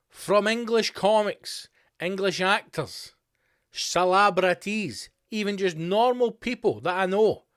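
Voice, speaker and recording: A man rants through a comedic podcast monologue, his pitch swinging wildly as he heaps sarcasm on his targets. His voice sits a touch high for a man, and the recording is close and dry. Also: no echo. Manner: sarcastic, sweary, animated rant. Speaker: podcast host.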